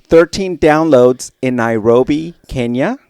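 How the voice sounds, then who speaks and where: A man with a mid-pitched voice co-hosts a casual podcast, playful and goofy as he reads out notes and jokes around. The recording is close and dry. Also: a little slow, a little mellow, clean tone, dry recording. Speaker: podcast co-host. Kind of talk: casual chat.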